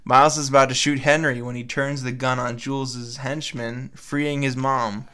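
A man's voice: mid-range voice, flat delivery, moderate pace, bright, forceful tone, clean tone. Young man reading aloud and laughing. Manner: laughing, offhand, crude joking. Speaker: podcast co-host. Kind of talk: casual chat, reading fan fiction aloud.

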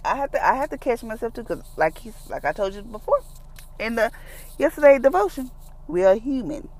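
A woman's voice: a little high, sing-song, a little fast, a little mellow. Woman giving a chatty casual devotion. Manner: conversational, acts out quoted voices; informal, down-to-earth phrasing. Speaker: devotional speaker.

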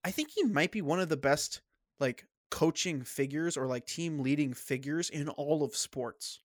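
A man's voice: fairly high pitch, no room sound, studio quality. Opinionated man hosting a sports talk. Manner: opinionated, halting with restarts. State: coughing, clearing throat. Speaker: podcast host. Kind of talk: casual sports chat.

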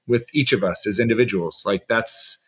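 A man's voice: fairly low pitch, normal speed. Effusive male podcast co-host. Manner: effusive, heavy use of "like", warm praise. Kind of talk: casual chat.

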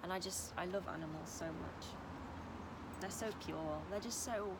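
A woman's voice: lowish voice, normal speed. A young woman talks into her camera in a loose, earnest, rambling way. She drifts between reflective thoughts and sweet baby talk to a little dog. A faint hiss sits under the recording. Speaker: vlogger. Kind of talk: casual spiritual vlog. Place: house, indoors and outdoors with dogs.

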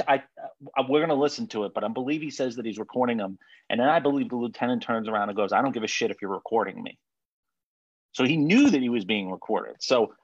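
A man with a somewhat low voice hosts a casual podcast chat. He is blunt and swears without a second thought. His voice sounds close and dry, with slightly dull sound. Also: no echo. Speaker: podcast host.

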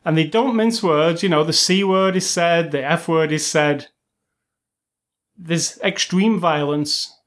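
Guy rambling on excitedly about a movie, kinda higher voice, lots of likes and ums. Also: slow pace. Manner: rambling, enthusiastic, many fillers and restarts. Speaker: film podcast co-host. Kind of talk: casual film review chat.

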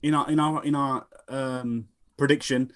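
A man's voice: medium pitch, fairly even intonation, moderate pace, a crowd in the background. A man with a Birmingham accent calling into a podcast and chatting casually with dry jokes. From Birmingham, England. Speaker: caller. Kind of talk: casual chat.

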